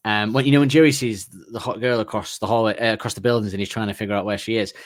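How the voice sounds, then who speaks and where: A man's voice: lowish voice, steady tone, fast, no echo, studio quality. A man, co-hosting a podcast and retelling sitcom scenes in a rambling, laughing way. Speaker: podcast co-host. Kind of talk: casual chat.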